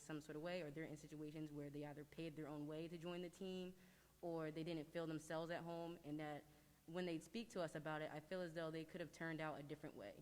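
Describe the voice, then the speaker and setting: A teenage girl, a high school lacrosse player giving an earnest, halting, emotional statement at a press conference. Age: teens. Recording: long reverb in a large room.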